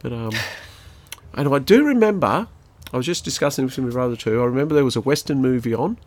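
A middle-aged Australian father co-hosts a podcast with his son, chatting casually in a mid-range, animated voice and talking fast. He rambles through stories like a chatty storyteller, laughing along the way.

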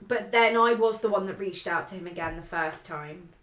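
Podcast co-host, woman, lively anecdote teller, echoey room sound. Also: fairly low pitch, moderate pace. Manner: swearing, animated storyteller, acts out her own quotes. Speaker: podcast co-host telling a dating story. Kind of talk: casual chat.

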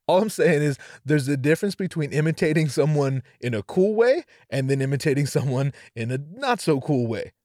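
A man's voice: on the high side, expressive, a little fast, hardly any pauses, a little mellow, no room sound. Young man, casual profane rant, jokey, dry close sound. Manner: profane, ranting, jokey, many restarts. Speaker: podcast host. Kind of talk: casual opinion monologue.

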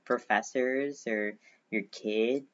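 A woman's voice: extremely low pitch, fairly even intonation, takes it slowly. Casual podcast co-host, woman, rambling and joking, dull lo-fi sound. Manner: rambling, self-mocking, lots of "like". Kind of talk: casual chat. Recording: dull lo-fi recording.

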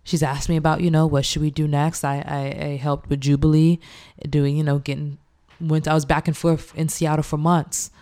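A young woman chef, animated and laughing often as she acts out quoted speech in a casual interview. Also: sits low, moderate pace. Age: young adult.

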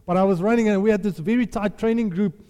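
A man preaching a sermon, telling a lively personal story and acting out the voices in it. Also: high-pitched, fast talker, clean tone. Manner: animated storyteller, laughs often, acts out quotes. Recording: echoey hall reverb.

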